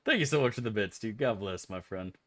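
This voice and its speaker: A man's voice: fairly low pitch, animated, a little fast, a bit bright. A young man streaming a game, chatting casually with his viewers in a laid-back, joking and profane way. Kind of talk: casual live-stream chat.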